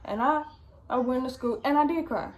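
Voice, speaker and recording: A woman's voice: high-pitched, moderate pace. A young woman vlogger telling a storytime, chatty and slangy, swearing often. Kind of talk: casual storytime.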